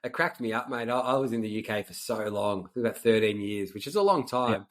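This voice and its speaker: A young Australian man hosting a podcast interview, chatty and relaxed, calling his guest mate and filling pauses with um. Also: lowish voice. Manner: chatty, says mate a lot, many fillers. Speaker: podcast host. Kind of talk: casual interview chat.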